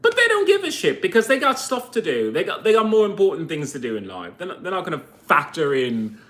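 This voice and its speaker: A man's voice: a little high, wildly swooping pitch, fast talker, hardly any pauses, fairly bright tone. A man vlogging a heated, profane rant to camera, full of sarcastic rhetorical questions. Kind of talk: ranting monologue to camera.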